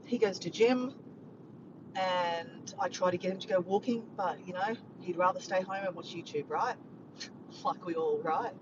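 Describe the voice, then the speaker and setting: Speaking at normal speed in a fairly low voice, this vlogger chats casually and cheerfully to camera, rambling as she drives. Her recording sounds muffled, with obvious road noise.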